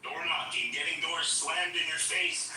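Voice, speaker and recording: A man's voice: fairly high pitch, little pitch movement, measured pace, sharp tone, slight background noise. A young man in his twenties, combative and sarcastic, arguing on a live-stream. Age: 20s. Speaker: caller. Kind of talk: heated live-stream debate. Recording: very echoey, distant stream audio with music.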